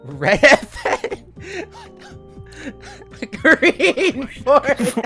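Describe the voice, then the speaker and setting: A man's voice: very high-pitched, huge pitch swings, vocal fry, pushed and bright, faint music behind. A young man of college age chatting casually over gameplay, giggly and teasing. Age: late teens. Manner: giggly, teasing, drawn-out delivery.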